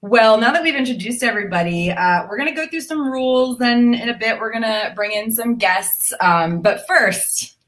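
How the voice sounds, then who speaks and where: A woman hosting a casual group chat, talking in quick, halting restarts. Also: on the high side, lively intonation, a bit bright. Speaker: podcast host.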